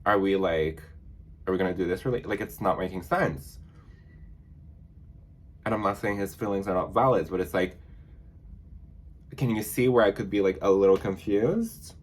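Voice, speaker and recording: A man's voice: low-pitched, moderate pace, long pauses. A man chatting casually in a sassy, dramatic storytime vlog, full of fillers. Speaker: vlogger.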